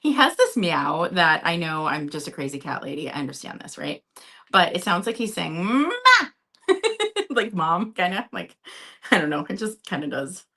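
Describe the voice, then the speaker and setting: A woman's voice: deep voice, lively intonation, normal speed, pushed and bright. A woman from Minnesota hosting a live vintage sale, chatting casually, laughing often and talking to her cat. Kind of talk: live-stream selling chat.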